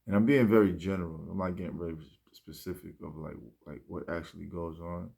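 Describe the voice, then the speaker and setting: Gravelly low-voiced man musing slowly. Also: steady tone. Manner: rambling, many fillers and restarts; soft-spoken, trailing off. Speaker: musician speaking about his mindset. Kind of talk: reflective monologue.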